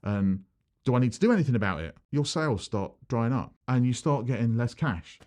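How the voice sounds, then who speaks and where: Male accountant, animated talking-head advice, bouncy pitch, plays out mini dialogues. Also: brisk. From United Kingdom. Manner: animated, acts out little dialogues with changing voices. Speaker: accountant giving business advice. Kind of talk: direct-to-camera advice video.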